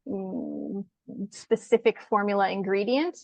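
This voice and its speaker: A woman guest and skincare educator talking in a casual conversation, lively and animated, sometimes acting out quoted complaints. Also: mid-range voice, measured pace, vocal fry, no echo.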